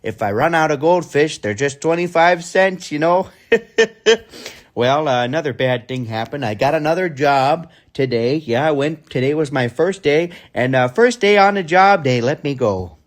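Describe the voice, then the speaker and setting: A man playing a hapless, cheerful young man who laughs off every misfortune with giggles and drawn-out ums. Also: on the high side, expressive, natural voice. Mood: chipper. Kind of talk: comedy sketch monologue.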